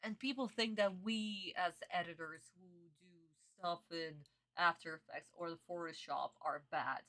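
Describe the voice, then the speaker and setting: Bright-voiced woman ranting at a cartoon. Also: lowish voice, moderate pace. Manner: exasperated, swearing, laughing outbursts. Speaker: streamer reacting to an anime dub. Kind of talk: casual reaction commentary.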